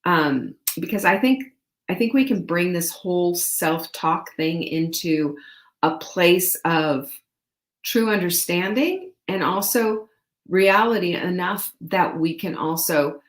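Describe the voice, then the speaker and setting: A woman hosts a live-stream show from a noticeably echoey room. Her voice sits a little low for a woman. She speaks earnestly and with emphasis, greets viewers by name, and often restarts her sentences with small laughs. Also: animated, slow pace. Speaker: show host.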